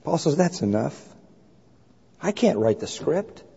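A man preaches in a storytelling sermon, voicing the people in his anecdote with lively emphasis. His voice is mellow and a little husky. The recording is dull and lo-fi, carried by the long reverb of a big hall. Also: fairly high pitch, a little slow. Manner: animated storyteller acting out dialogue.

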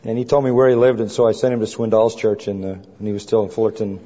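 A man's voice: on the low side, fast talker. A man preaching a sermon, telling a story and acting out both sides of a conversation. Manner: animated storyteller acting out dialogue. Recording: muffled hall recording with long reverb.

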